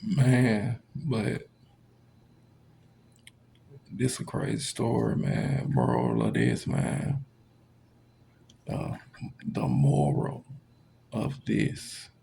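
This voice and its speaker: A man's voice: mid-range voice, big pitch swings, extremely slow, vocal fry, long pauses, noisy background. A young adult man telling a story in a casual, laid-back way, swearing freely and dropping "man" into nearly every sentence.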